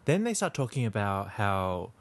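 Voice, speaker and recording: A man's voice: lowish voice, sing-song, moderate pace. Chatty man with a light Australian accent. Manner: chatty, laughs easily. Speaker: podcast co-host. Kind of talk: casual chat.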